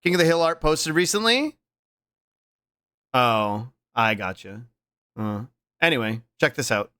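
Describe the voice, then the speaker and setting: A man chats on a live stream with his viewers in a bright, forceful voice whose pitch swings all over. He talks loosely, bursts into loud laughter and drops briefly into character voices. The sound is dry and close to the mic. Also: clean tone, no room sound. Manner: animated, laughs loudly, slips into quick character voices. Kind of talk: casual live-stream chat.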